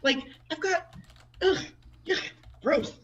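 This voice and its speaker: A woman's voice: very high voice, takes it slowly, dull audio. A woman doing a stand-up comedy set with crude, profane, self-deprecating stories about her life as a mom. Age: adult with a child. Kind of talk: stand-up set at an online open mic.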